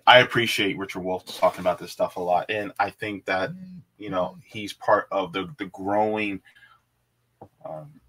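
A man's voice: low-pitched, fairly bright tone. A man hosting a casual livestream, chatting with viewers, reading web pages aloud and laughing easily. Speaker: livestream host.

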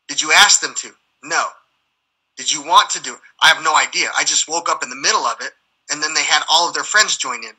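A man's voice: a little high, pushed and bright, slightly rough, poor audio. A man, a military veteran, telling rambling stories as a guest in conversation, swearing and acting out the dialogue as he goes. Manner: profane, heated, acts out dialogue.

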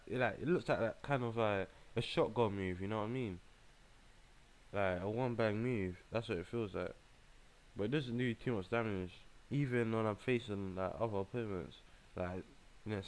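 Playing a mobile game, a young man who hosts a gaming channel narrates casually as he goes, getting exasperated and excited and speaking in heavy slang. His voice is on the low side.

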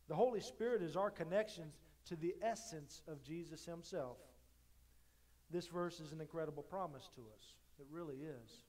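A male pastor delivering a sermon in a fairly high voice. He surges to loud, emphatic peaks and then drops to soft, intimate asides, often doubling back on a word as he restarts a phrase. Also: moderate pace. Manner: dynamic, swinging between loud emphatic lines and quiet intimate asides; repeats words as he restarts phrases.

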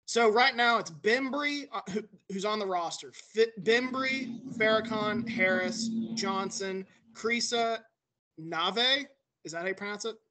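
A man's voice: sits high, measured pace, pushed and bright. A man guesting on a casual sports podcast, matter-of-fact as he reads through stats and roster lists.

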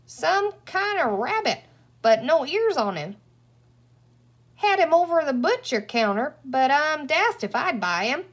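A woman's voice: sits high, big pitch swings, a little slow, fairly bright tone, pitched above the performer's own voice, full character voice. Woman doing a cackling withered old green woman. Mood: gossipy gleeful. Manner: folksy cowboy drawl, cackling. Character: dry withered little old green woman, gleeful villain.

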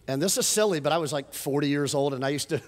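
A middle-aged man preaching a sermon as pastor, telling stories in an animated way and rising to emphatic points. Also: a little high, fast. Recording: long hall reverb.

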